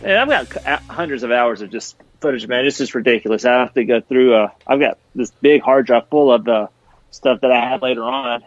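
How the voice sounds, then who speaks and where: A man's voice: medium pitch, a little fast, no echo, soft background music. A middle-aged man, a former tour manager, chatting casually on a podcast in a rambling, laid-back way. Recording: slightly dull lo-fi audio.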